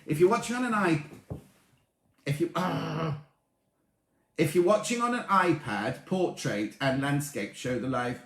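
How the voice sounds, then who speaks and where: A man in his late thirties hosting a casual sewing livestream, chatting excitably and greeting viewers by name as he reads their comments. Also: medium pitch. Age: 30s. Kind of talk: casual live-stream chat reading comments. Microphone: tablet or camera mic. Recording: echoey room.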